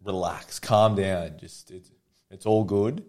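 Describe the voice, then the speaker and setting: A young adult man, a podcast guest telling stories casually, animated and laughing often. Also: low-pitched, takes it slowly. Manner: animated, laughs often, acts out quotes in a raised voice. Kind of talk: casual storytelling.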